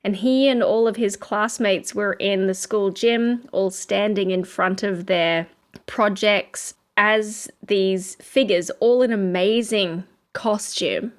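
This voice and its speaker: A woman's voice: mid-range voice, takes it slowly, smooth. A woman with an Australian accent, co-hosting a podcast and telling stories in a chatty way with frequent laughs. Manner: chatty storyteller, laughs often. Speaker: podcast co-host. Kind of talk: casual chat.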